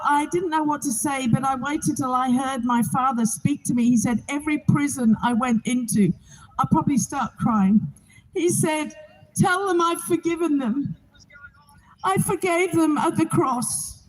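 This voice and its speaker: A woman's voice: high voice, poor audio. A woman from England, giving an earnest, heartfelt spoken testimony outdoors to a gathering. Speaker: Bible reading organizer.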